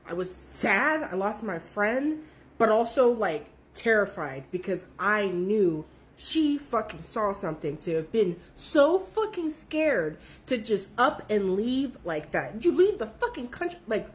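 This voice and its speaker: A woman's voice: a little high, sing-song, takes it slowly. A young woman telling her own story in a casual, profane, emphatic way.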